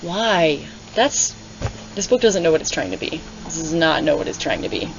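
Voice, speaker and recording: A woman with a low-pitched voice and vocal fry speaks at normal speed with lively intonation, over slightly dull lo-fi audio with a little hiss or hum. As a booktuber reading along, she delivers sarcastic, exasperated, casual commentary full of rambling asides.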